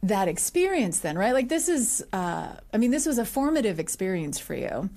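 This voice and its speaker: A woman's voice: medium pitch, very animated, normal speed, dark tone. A woman interviewing a guest, curious and probing, laughing along. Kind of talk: conversational interview.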